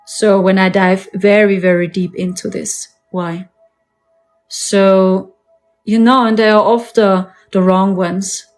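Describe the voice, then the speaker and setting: A woman's voice: mid-range voice, level tone, slow, faint music behind. A woman with a German accent, a native German speaker, talking earnestly and repetitively to viewers in a live-stream monologue. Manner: earnest, repetitive, emphatic phrasing.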